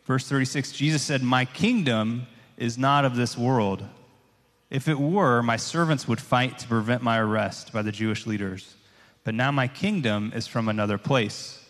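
A man's voice: mid-range voice, moderate pace, fairly bright tone. A man preaching a sermon in a loose, conversational way, often adding "like" and "right?" as he reads and explains scripture. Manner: casual, conversational, many filler "like"s and "right?"s. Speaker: pastor. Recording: long hall reverb.

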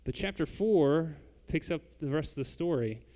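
A man's voice: a little high, lively intonation, moderate pace, warm tone, long reverb tail. A man preaching a sermon, speaking conversationally and addressing the congregation directly. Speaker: pastor.

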